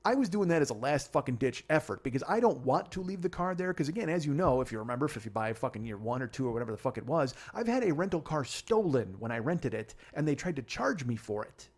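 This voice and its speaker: A man's voice: mid-range voice, expressive, a little mellow. A man hosting a comedy podcast, telling a story in a profane, exasperated rant. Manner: profane, exasperated, fast rambling rants. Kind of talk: ranting comic storytelling monologue.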